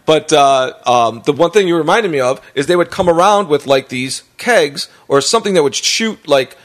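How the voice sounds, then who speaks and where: A man's voice: fairly high pitch, expressive, normal speed, fairly bright tone. Rambling, laughing American man. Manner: rambling storyteller, laughs often, acts out quotes. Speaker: podcast host. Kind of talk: casual chat.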